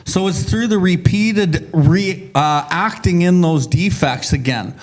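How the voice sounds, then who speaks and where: A man's voice: sits high, takes it slowly. A man co-hosting a recovery podcast, telling stories in a rambling way and swearing freely. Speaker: podcast co-host. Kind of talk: casual recovery group discussion.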